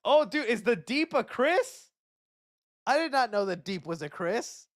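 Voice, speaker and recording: Brief: young male stream host, high and animated voice, jokey casual chat. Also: unhurried. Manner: animated and joking, reads chat aloud.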